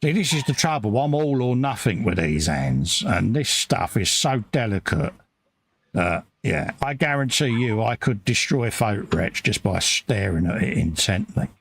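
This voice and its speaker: A man's voice: fairly low pitch, big pitch swings, moderate pace, creaky, fairly bright tone, no room sound. A man chatting casually and joking with his co-host while talking through each step of building a model kit.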